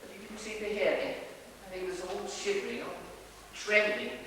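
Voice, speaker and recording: A fussy, devoted dresser tells a story in breathless bursts and restarts, played by a man on an amateur stage. The voice comes from far off across a theatre, with a long, booming echo behind it. A faint room ambience sits underneath. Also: normal speed, bright, forceful tone, slight background noise. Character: fussy devoted male dresser, middle-aged. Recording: distant echoey theatre recording.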